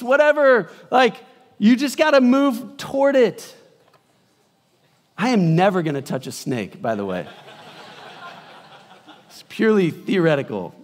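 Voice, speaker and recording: A man preaching a sermon in a conversational way, moving from loud bursts to hushed passages. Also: a little high. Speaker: pastor. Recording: long hall reverb.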